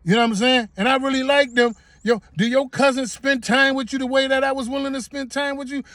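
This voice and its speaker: A man's voice: very high-pitched, steady tone, fairly quick, a bit bright, dry recording, clean studio sound. A man telling a personal story straight to the camera in a casual, emphatic way, repeating himself and using everyday slang. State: getting emotional. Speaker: vlogger.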